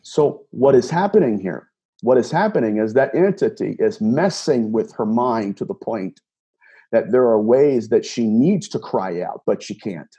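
A man's voice: mid-range voice, animated, unhurried, mellow, husky. A man telling a personal story in an earnest, casual way, recounting a conversation line by line with many repeated words and restarts. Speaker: self-described empath telling a personal story.

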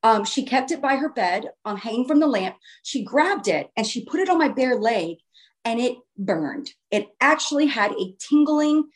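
A woman's voice: on the high side, animated, moderate pace. A woman telling her own story in a casual, earnest way, often restarting her phrases for emphasis. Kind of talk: casual first-person storytelling.

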